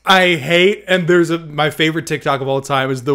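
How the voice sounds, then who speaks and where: A man's voice: a little high, steady tone, a little fast, bright, forceful tone, clear, resonant tone. A young man co-hosting a podcast in casual chat, joking and laughing often. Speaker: podcast co-host.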